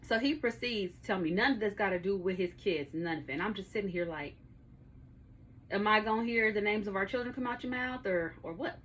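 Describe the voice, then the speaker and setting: A 30-something woman tells a story on her podcast at a brisk pace, her medium-pitched voice a bit bright against a little hiss or hum. She records at home and keeps it casual and profane, laughing often.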